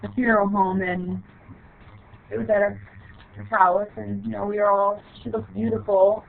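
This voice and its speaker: Woman storyteller, gravelly, halting short phrases; tinny phone-like recording. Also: mid-range voice, flat delivery. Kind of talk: personal childhood story.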